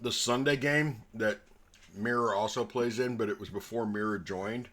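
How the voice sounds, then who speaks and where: A man's voice: fairly low pitch, steady tone, normal speed, a bit bright. A man running a tabletop game as dungeon master, telling stories with laughter and casual swearing.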